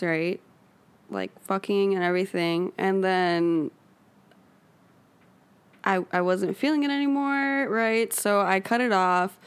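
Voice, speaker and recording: A woman's voice: mid-range voice, clean tone. A young woman in casual podcast chat, telling a story full of swearing. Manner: animated, swearing heavily, laughing.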